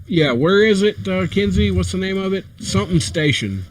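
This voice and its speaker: A man's voice: sits high, animated, normal speed, a little hiss or hum, rough recording. A man hosting a casual podcast, rambling and easygoing with lots of fillers. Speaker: host.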